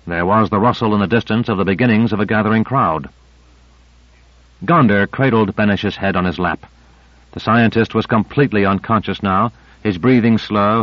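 A man reading a thriller aloud as an audiobook narrator, in a measured, steady way. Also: on the low side, no echo. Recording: dry, slightly dull recording.

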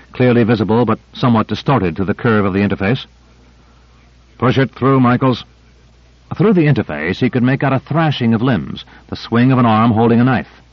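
A man narrates a novel in a steady, vivid storytelling manner. His voice is mid-pitched and even. The recording is dry and a little dull. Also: no room sound. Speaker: audiobook narrator. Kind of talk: scripted narration.

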